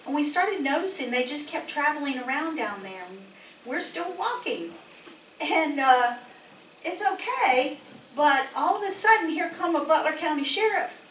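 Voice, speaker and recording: Woman, 60s, rambling chatty anecdote, slightly high voice, picked up far off in an echoey hall with faint noise. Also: expressive, normal speed, fairly bright tone. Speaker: meeting attendee telling a story. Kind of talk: casual anecdote to a group. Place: meeting hall. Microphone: distant room mic.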